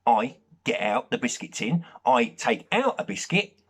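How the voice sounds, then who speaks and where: A man with an English accent delivering a deadpan, rambling improvised comic monologue, full of fillers. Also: medium pitch, a little slow, husky. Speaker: comedy sketch host.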